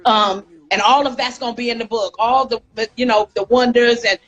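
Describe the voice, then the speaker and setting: A woman in her fifties from Inglewood, California, telling stories from her career as a hairstylist in a casual interview. She talks in an animated, chatty way, acting out quotes and calling her listener "girl". Her voice sits on the higher side. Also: fairly quick, lo-fi sound. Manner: animated, acts out quotes, says "girl" often. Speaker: celebrity hairstylist and guest.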